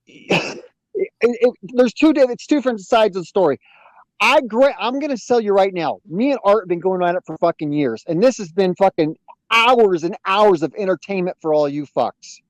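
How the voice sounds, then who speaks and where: On a live stream, a man argues heatedly in a high-pitched, animated voice at normal speed, swearing heavily and insistently repeating his points. The low-quality recording has no room sound.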